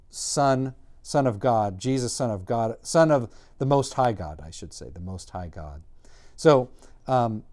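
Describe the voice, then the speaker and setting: A man teaching a Greek workbook lesson in a casual, halting way, with many ums and self-corrections. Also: mid-range voice, darkish tone.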